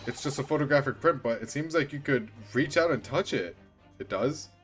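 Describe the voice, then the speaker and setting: A man reacting and commenting as a streamer playing a story game, excited and swearing. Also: medium pitch, a little fast, faint music behind. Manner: animated, reacts loudly and swears. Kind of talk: let's-play commentary.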